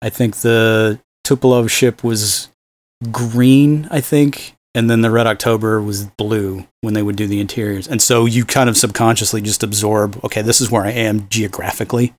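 In a steady, fairly low voice at a normal pace, a podcast co-host discusses a movie casually and with enthusiasm. He tends to ramble, using lots of fillers.

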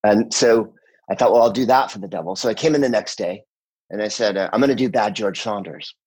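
A man in his sixties from the United States, a guest voice actor telling casual anecdotes in an animated way. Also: fairly low pitch, a little fast, slightly rough. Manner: animated storyteller, slips into impressions.

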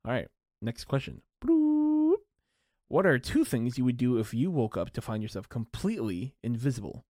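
Young man, casual solo podcast, lots of ums and restarts, very lively intonation, dry close sound. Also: mid-range voice, a little fast, dry recording. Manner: rambling, self-deprecating, many fillers and restarts. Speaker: podcast host.

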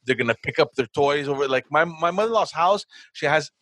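Dry-sounding dad telling family stories. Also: male voice, on the high side, expressive, quick pace, fairly bright tone, no echo. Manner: laughs often, storytelling. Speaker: podcast co-host. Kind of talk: casual chat.

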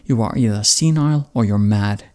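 A man's voice: fairly low pitch, brisk, darkish tone, close to an everyday voice. A man reading the lines of a blunt, defiant young warrior son, cold and direct.

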